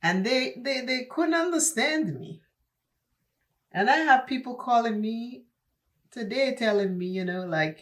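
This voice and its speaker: Slightly high and expressive, this accented beauty vlogger keeps a measured pace and a fairly bright tone. She talks while applying makeup in a chatty get-ready-with-me video, preaching emphatically and saying things twice for stress.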